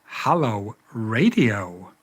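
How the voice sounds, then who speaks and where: A man's voice: fairly low pitch, very animated, extremely slow, slightly rough. A man reviewing a drone radio in a casual vlog, getting exasperated and swearing as he repeats voice commands.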